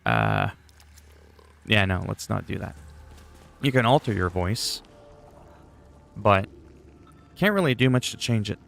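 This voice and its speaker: A man's voice: fairly low pitch, big pitch swings, slow pace, vocal fry, pauses often, a bit bright. A man chatting casually on a gaming livestream, rambling and goofy, often poking fun at himself. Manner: rambling, goofy, self-deprecating.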